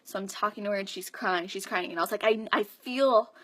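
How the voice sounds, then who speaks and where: Woman coach vlogging, earnest story, keeps asking okay?, middle pitch. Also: level tone, quick pace, pushed and bright. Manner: earnest, emphatic, addresses viewers with frequent "okay?". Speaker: fitness coach. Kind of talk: storytelling to viewers.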